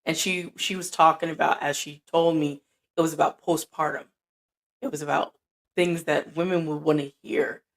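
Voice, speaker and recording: A middle-aged woman with a deep, soothing, grounded voice, giving a casual motivational talk and acting out both sides of conversations. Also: fairly even intonation, normal speed, creaky. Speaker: podcaster. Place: indoor room at night.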